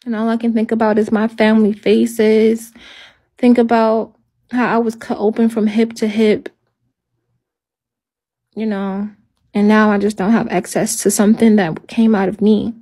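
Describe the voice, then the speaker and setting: A woman talking on a livestream in halting, repetitive speech, sounding hopeless and stressed. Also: a little high, flat delivery, dark tone. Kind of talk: emotional livestream talk.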